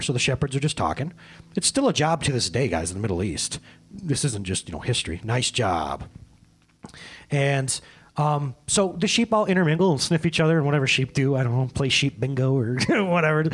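Pastor guy preaching, kinda husky, jokey and chatty, voice jumps all over the place then goes real quiet. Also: a little high. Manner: conversational, jokey preaching with sudden drops to a hushed tone. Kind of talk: sermon.

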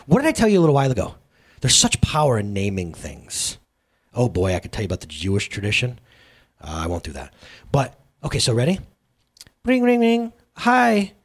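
A male pastor preaching in a lively, conversational way, often checking in with the audience through questions. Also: on the low side, quick pace, slightly rough. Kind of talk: sermon.

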